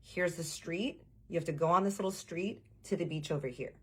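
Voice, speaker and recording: A woman telling a casual storytime to viewers, animated and acting out the quoted lines. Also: on the low side, fairly quick, slightly rough. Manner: addresses viewers as "y'all".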